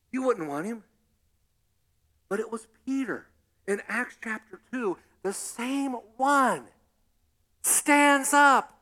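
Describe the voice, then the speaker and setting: A male pastor preaching a sermon in an animated way, acting out scenes with humor. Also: very high voice.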